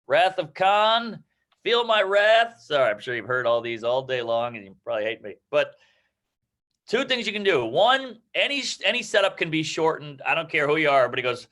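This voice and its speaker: A man with a bright, forceful voice that sits a little high for a man. He talks brash and quick, swearing freely and mocking himself as he gives stand-up advice to a class. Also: big pitch swings. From New York. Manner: brash, rapid, profane and self-mocking. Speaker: guest comedian. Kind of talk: casual advice in an online comedy class.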